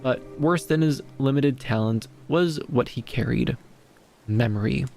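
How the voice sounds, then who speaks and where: A man reads a fantasy tale aloud at a measured, even pace, now and then restarting a stumbled word. His voice sits at a middle pitch with a gravelly grain. Soft music plays faintly in the background. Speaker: storyteller, streamer. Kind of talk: reading a fantasy story aloud.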